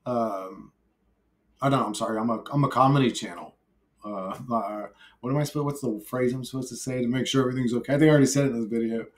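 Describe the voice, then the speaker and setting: A YouTuber films a rambling solo vlog, talking in a brash monologue with plenty of swearing and frequent laughter. His voice sits at a medium pitch and moves at a quick pace.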